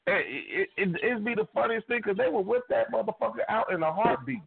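Profane animated man on tinny radio. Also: high voice, fairly quick, gravelly, few pauses, husky. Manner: profane, animated, acts out voices in his stories. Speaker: radio show co-host. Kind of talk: crude comedic storytelling. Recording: phone-like band-limited radio audio.

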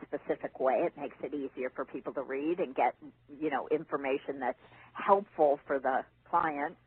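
A woman tells stories in a lively, swooping voice and laughs often as she talks. Her tone is slightly husky. She comes through a thin phone-line connection. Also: on the low side. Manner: animated storyteller, laughs often. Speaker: guest author and teacher. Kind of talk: casual interview talk.

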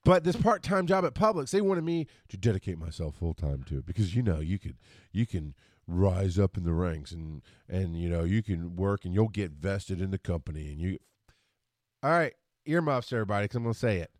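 A man hosting a solo podcast, ranting with frustration and profanity, rushing his words and then reining himself in. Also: deep voice, expressive, a little mellow, no room sound, clean studio sound. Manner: frustrated, profane, talks fast then slows down. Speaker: podcast host.

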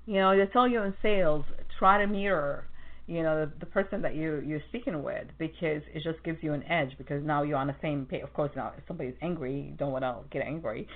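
A woman hosting a podcast, talking in a rambling, animated monologue full of fillers and restarts. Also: low-pitched, fairly quick. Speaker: podcast host. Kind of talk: casual monologue about customer service. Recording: tinny phone-like sound.

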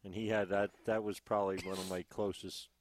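A man's voice: on the low side, little pitch movement, brisk, slight background noise. A man telling a story in a casual, matter-of-fact way on a podcast recorded in a gym. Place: gym, inside a fighting cage.

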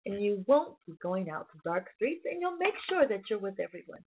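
A woman reading a bedtime story to children, slow and expressive, often laughing. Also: mid-range voice, slight background noise. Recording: phone-like lo-fi sound, faint music.

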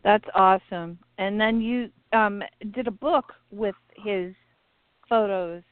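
A woman's voice: medium pitch, slow, smooth, no room sound. A woman hosting an interview, reacting with short exclamations and asking the guest questions. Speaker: interview host. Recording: dry, phone-line sound.

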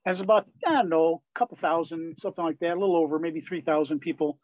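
An older man from Wisconsin, a Christian musician and pastor, telling candid, lively stories as a guest in an interview. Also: fairly high pitch, fast talker. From Wisconsin, USA. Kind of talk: storytelling in a conversational interview. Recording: slightly dull, lo-fi sound.

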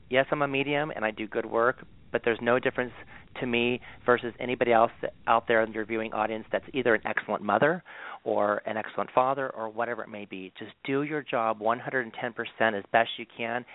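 A man's voice: mid-range voice, steady tone, brisk, dry recording. Man telling stories over a tinny line. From Southern California. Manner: rambling, many ums and restarts. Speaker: medium, guest. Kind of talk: casual interview storytelling. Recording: tinny phone-like line, dry.

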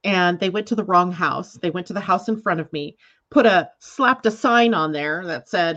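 A woman hosting an astrology talk show, telling a story in a chatty, animated way, often laughing and acting out what people said. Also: lowish voice, normal speed, lo-fi sound. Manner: animated, laughs while telling stories, acts out quotes. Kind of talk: casual storytelling chat.

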